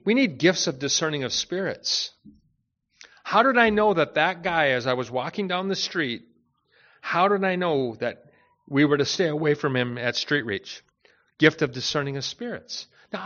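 A man preaching a sermon in a conversational, animated way, with many asides to the listeners. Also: on the high side, lo-fi sound. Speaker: pastor.

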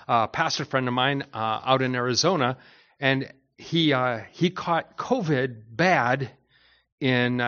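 Conversational pastor with many restarts. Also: male voice, medium pitch, a bit bright, muffled recording. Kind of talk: Bible study teaching.

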